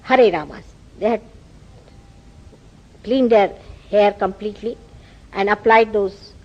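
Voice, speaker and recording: A woman's voice: mid-range voice, takes it slowly, highs cut off. A woman with an Indian accent giving a spiritual lecture, telling stories and acting out quoted dialogue. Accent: Indian English. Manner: animated storytelling, acts out quoted dialogue. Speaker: spiritual teacher.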